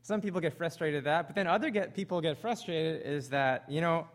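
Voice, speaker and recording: A man with a Canadian accent preaching a sermon, animated, acting out the voices he quotes. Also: on the high side, fairly quick, hardly any pauses. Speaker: pastor.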